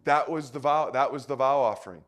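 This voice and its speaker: A man's voice: mid-range voice, fairly quick, fairly bright tone. A man preaching a sermon to a congregation, teaching in a conversational way and putting questions to his listeners. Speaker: pastor. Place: church hall.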